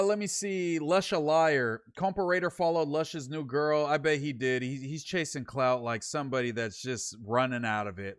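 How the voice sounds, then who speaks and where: A young man from Sacramento hosting his own livestream, reading viewer comments and telling rambling, slangy stories full of fillers. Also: medium pitch. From Sacramento, California. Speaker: streamer hosting a late show.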